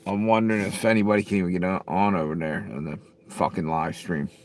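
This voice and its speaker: A man's voice: low-pitched, steady tone, quick pace. A middle-aged man live-streaming, chatting casually with viewers in a blunt, profane, rambling way. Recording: faint background noise.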